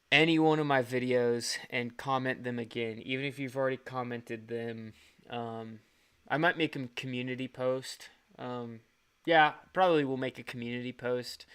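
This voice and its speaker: A young man hosts a relaxed livestream, talking in a loose, rambling way to his viewers. His voice sits at an everyday middle pitch and sounds smooth and clear. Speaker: channel host. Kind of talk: casual livestream chat.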